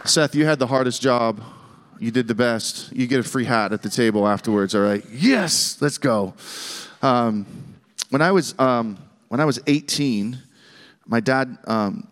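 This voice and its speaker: A middle-aged man preaching and telling a story, animated, with frequent restarts and a voice that jumps higher when excited. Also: measured pace. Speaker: guest speaker. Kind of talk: sermon storytelling. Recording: long hall reverb.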